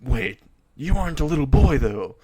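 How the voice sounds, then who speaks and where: A man's voice: mid-range voice, sing-song, moderate pace, dark tone, husky. A man voicing an unhinged young male priest who talks crude and brash, in a casual story retelling. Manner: brash, flustered outbursts.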